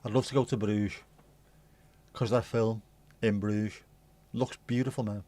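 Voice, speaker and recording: A man's voice: fairly low pitch, steady tone, measured pace, dark tone. A man hosting a casual livestream, rambling and chatty, swearing casually and humming little tunes. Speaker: livestream host.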